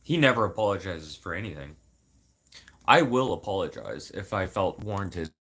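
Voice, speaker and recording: A man from Manitoba venting in a casual, unscripted talk to camera, swearing a lot and swinging from loud outbursts to low mutters. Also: sing-song, moderate pace, husky. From Manitoba, Canada. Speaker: vlogger.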